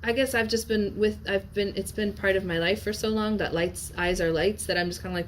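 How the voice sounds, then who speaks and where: A woman teaching a Latin class, chatty and lively, checking in often with her students and sounding a bit tired. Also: fairly low pitch, fairly quick, slight background noise. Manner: lively, chatty, asks frequent check-in questions. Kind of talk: classroom lecture on a Latin text.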